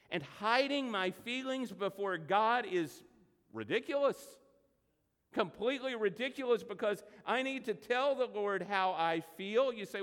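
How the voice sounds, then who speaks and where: Man, pastor, sermon, high voice, long church reverb. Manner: preaching, reads scripture slowly and loudly. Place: church sanctuary.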